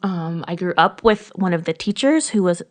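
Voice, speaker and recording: A woman's voice: fairly low pitch, lively intonation, moderate pace. Emotional woman from Connecticut. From Connecticut, USA. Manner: emotional, swearing freely. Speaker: podcast co-host. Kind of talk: casual chat.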